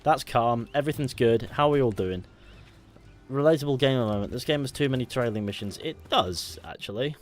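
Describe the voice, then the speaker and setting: A young man chatting casually through a live game stream into a headset, rambling, restarting his sentences and getting excited. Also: medium pitch, brisk, a little hiss or hum.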